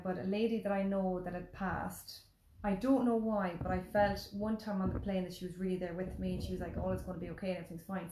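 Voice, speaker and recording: An Irish woman telling a story in casual, animated chat, full of "like" and the odd swear word. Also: mid-range voice, background noise. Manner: animated, chatty, peppered with swearing and "like". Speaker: podcast host. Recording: roomy echo.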